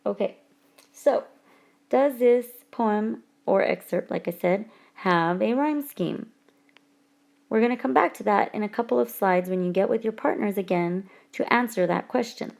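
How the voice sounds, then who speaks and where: A woman teacher giving a recorded lesson over whiteboard slides, speaking slowly and deliberately and stretching out example words. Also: mid-range voice, vocal fry, darkish tone.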